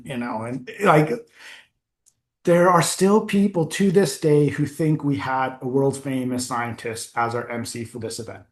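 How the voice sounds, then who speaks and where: Man, speaker at an event, chatty storyteller, somewhat high-pitched, echoey hall sound. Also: a little slow, long pauses. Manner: lively, chatty, laughs at own stories, clears throat often. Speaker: forum founder giving a talk. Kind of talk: anecdotal storytelling talk. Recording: echoey room.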